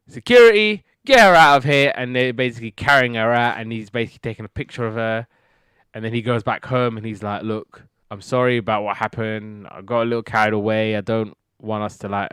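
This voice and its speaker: A man's voice: on the low side, a bit bright, smooth, dry recording, studio quality. A man hosting a podcast, retelling TV episodes in a rambling casual way and acting out the characters' lines. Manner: rambling retelling, acts out quotes. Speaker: podcast host reviewing TV shows. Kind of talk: casual recap chat.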